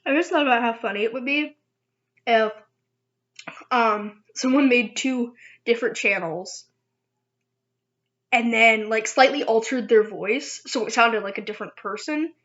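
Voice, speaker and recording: A woman's voice: fairly high pitch, unhurried, pauses often, a bit bright. A young woman chatting casually in an eating vlog, rambling and giggling at herself, with a dull lo-fi recording. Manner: giggly, rambling, self-teasing. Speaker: vlogger. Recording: dull lo-fi sound.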